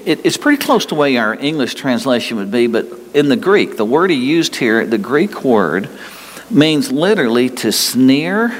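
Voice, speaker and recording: A man in the middle pitch range preaching with folksy emphasis, stretching key phrases slowly and circling back to repeat them. His voice rings out with a long reverb tail, as in a large hall. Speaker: pastor. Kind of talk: sermon.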